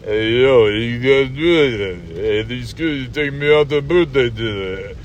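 A man's voice: mid-range voice, expressive, unhurried, lo-fi sound, a little hiss or hum, voice pushed down, natural voice. A man impersonating a mumbling aging movie tough guy. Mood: rambling. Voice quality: slurred, heavy street accent. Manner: mumbling, repeating himself. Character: gravel-mumbling aging male movie star, warm and rambling. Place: inside a car.

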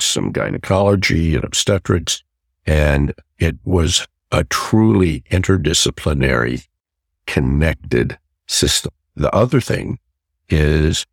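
Older male therapist guest, deep gravelly voice, reflective storyteller. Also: dry recording, studio quality. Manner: reflective, acts out quoted voices in his stories. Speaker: interview guest, family therapist. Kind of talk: storytelling in a podcast interview.

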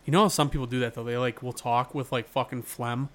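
A man's voice: medium pitch, fairly even intonation, fast talker, fairly bright tone. Profane, rambling male podcast co-host. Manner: loose, profane, rambling banter. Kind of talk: casual podcast chat.

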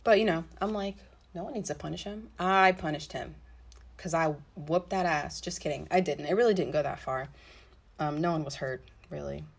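Young woman, low voice, profane, blunt, chatty storytime, frequent asides. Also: moderate pace, gravelly. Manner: blunt and profane, swearing freely; animated retelling with frequent asides. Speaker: storytelling vlogger. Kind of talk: casual storytime monologue.

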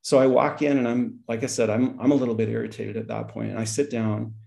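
Man, middle-aged, gravelly voice, storytelling, acts out dialogue. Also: medium pitch, quick pace. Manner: animated storyteller, acts out dialogue, laughs often. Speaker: podcast guest, school principal. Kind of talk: storytelling in conversation.

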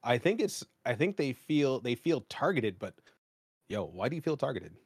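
A man's voice: mid-range voice, sing-song, moderate pace, slightly rough, no echo. Chill guy co-hosting a gaming podcast, rambles through stories, cusses, dry mic. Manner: loose storytelling with fillers and swearing. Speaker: podcast co-host. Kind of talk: casual chat.

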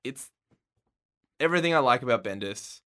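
Brief: podcast co-host, man, mid pitch, dry teasing delivery. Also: animated, normal speed, a bit bright. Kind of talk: casual chat.

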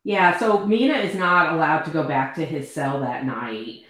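Co-host, female, lowish, animated storyteller, recorded in a strongly reverberant room. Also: normal speed. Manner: animated, quoting characters dramatically. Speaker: podcast co-host recapping a book. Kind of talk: casual chat retelling a story.

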